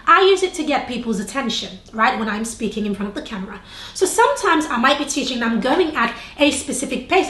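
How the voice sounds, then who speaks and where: A woman's voice: fairly high pitch, sing-song, fast, fairly bright tone, echoey room. A young adult woman teaching on-camera tips to the viewer, shifting her tone and pace on purpose and checking in with questions. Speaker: video presentation coach. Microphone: camera facing speaker.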